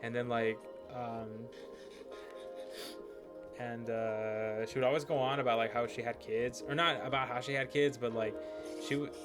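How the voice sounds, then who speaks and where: A man's voice: mid-range voice, fairly even intonation, measured pace, pauses often. A young man commenting casually while playing a game, rambling with lots of fillers and swearing. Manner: rambling, profane, many "like" fillers. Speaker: gaming streamer. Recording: music playing behind.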